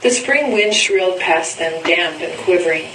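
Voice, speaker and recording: A woman reading a story aloud in a slow, deliberate way. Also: lowish voice, lively intonation, fairly bright tone, reverberant, far from the mic, slight background noise, rough recording. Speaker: story reader.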